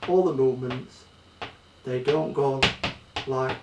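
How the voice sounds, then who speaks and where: A man's voice: medium pitch, level tone, unhurried, noisy background. A man with a Yorkshire accent teaching a children's music lesson, patiently explaining pulse and rhythm step by step. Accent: Yorkshire English. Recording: echoey room, distant mic, faint ambience.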